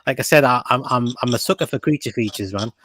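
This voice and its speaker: A man's voice: medium pitch, fast, fairly bright tone, a little hiss or hum. A man co-hosting a casual movie review chat, rambling with frequent fillers and repeated words. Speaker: podcast co-host.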